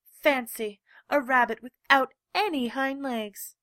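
A woman's voice: medium pitch, expressive, moderate pace, dry recording, clean studio sound, lightly acted. Woman doing a cheeky, mocking wild rabbit. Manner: loud and teasing. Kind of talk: storybook reading.

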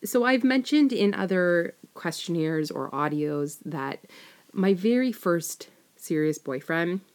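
A woman's voice: on the low side, animated, slow, a little mellow. A woman casually telling a personal story, rambling with many fillers and self-corrections. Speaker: storyteller sharing a personal experience.

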